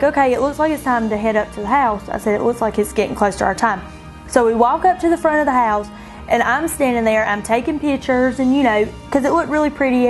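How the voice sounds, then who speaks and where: Animated woman telling her own story. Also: poor audio. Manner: animated, laughs often, quotes herself in a higher voice. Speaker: bride interviewed about her engagement. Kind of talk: emotional storytelling interview. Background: soft background music.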